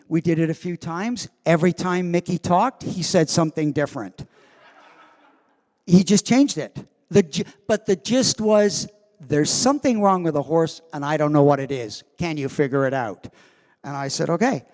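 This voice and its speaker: A man telling an anecdote to a live convention audience as guest of honor, acting out the quoted lines with animated delivery. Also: on the high side. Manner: animated storyteller who acts out quoted lines. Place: convention hall. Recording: long reverb of a large hall.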